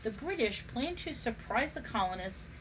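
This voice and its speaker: A woman's voice: fairly high pitch, very animated, moderate pace, background noise. A woman reading a humorous history book aloud, now and then stumbling and restarting on a word. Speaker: reader.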